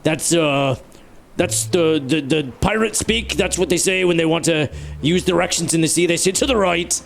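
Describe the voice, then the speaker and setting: A man's voice: moderate pace, creaky, a little hiss or hum. A young man giving jokey, self-mocking commentary while playing a survival game. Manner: animated, playful pitch swings. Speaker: gaming YouTuber. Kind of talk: let's play commentary.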